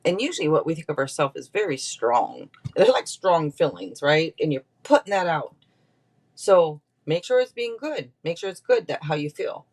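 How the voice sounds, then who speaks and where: A woman giving a casual tarot reading on a live stream, chatty and quick to laugh as she talks straight to her viewers. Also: low voice, big pitch swings, a little mellow. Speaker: tarot reader.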